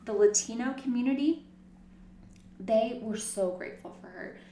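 A woman co-hosting a casual true-crime podcast, telling the story in an animated way with sarcastic asides. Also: a little high, normal speed, slight background noise. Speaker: podcast co-host. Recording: roomy, distant mic.

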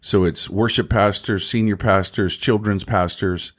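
A man co-hosting a faith podcast, talking slowly and haltingly, restarting his sentences as he works through his thoughts. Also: on the low side, fairly even intonation. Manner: halting, restarts often, thinking aloud. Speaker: podcast co-host. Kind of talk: casual faith discussion.

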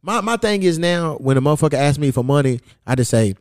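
A man's voice: on the high side, lively intonation, very fast, few pauses, no room sound, clean studio sound. A man hosting a podcast in casual chat, telling stories bluntly and cursing constantly. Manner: blunt, profane storytelling. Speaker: podcast host.

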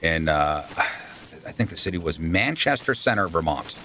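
A man, a radio DJ, telling animated stories in a casual interview and acting out the people he quotes. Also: low-pitched, normal speed, slight background noise. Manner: animated anecdotes, acts out quoted voices. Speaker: radio DJ guest.

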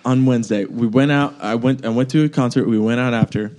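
A man's voice: medium pitch, fast. A man co-hosting a podcast, telling an anecdote in casual chat and acting out the quotes. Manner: animated, acts out quotes. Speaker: podcast co-host.

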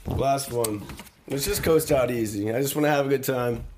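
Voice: medium pitch, moderate pace, noisy background. A podcast co-host in casual chat, teasing and laughing often.

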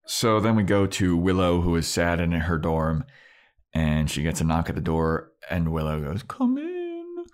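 A man's voice: low voice, normal speed. A man co-hosting a podcast, recapping an episode in casual chat and playfully acting out the characters' lines. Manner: animated storytelling, acts out characters' lines in funny voices. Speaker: podcast co-host.

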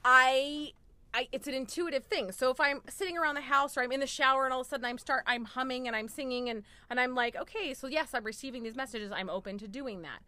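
A woman appearing as a podcast guest, her voice bright and a little high. The recording is dry and close. She rambles casually and pokes fun at herself. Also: fast talker, dry recording. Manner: rambling, self-deprecating, laughs easily. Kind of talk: casual chat.

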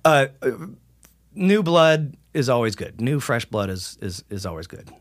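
A male metal singer talks on a podcast at a measured pace, medium pitch, in a sing-song way. It's a rambling, casual conversation where he swears freely and acts out what people told him. The sound is dry and studio-clean.

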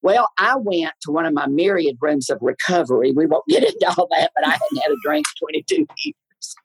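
A man, a guest on a talk show, telling stories in an animated, theatrical way. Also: fairly quick, husky, poor audio. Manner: lively, theatrical, swoops up high in his laughs. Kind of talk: animated storytelling in a chat show.

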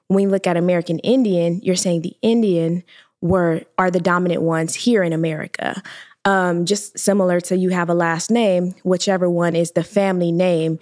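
A woman's voice: on the low side, darkish tone, dry recording. Woman explaining things on a podcast, dry sound. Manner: explanatory, thoughtful, many fillers. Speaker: podcast co-host. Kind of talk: casual podcast conversation.

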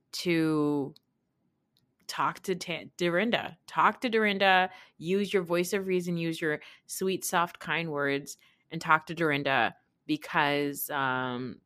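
A woman's voice: fairly low pitch, a bit bright. A woman hosting a podcast in casual chat, chatty and sarcastic, often laughing. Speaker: podcast host.

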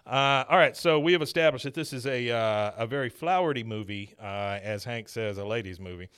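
A man's voice: mid-range voice, brisk, clean tone. A man from Texas casually recapping a cartoon episode on a podcast, acting out the characters' lines as he tells it. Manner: animated storytelling, acts out character lines. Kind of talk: casual chat.

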